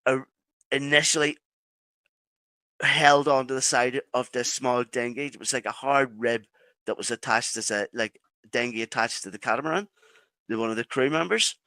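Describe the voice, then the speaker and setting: A man with an Irish accent, a podcast guest telling a personal story in halting phrases with many restarts. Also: medium pitch, sharp tone, dry recording. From Ireland.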